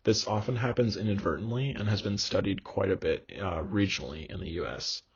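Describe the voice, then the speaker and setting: A young man giving a recorded online lecture, halting, with many fillers and restarts. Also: lowish voice, breathy edge. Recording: dull lo-fi recording.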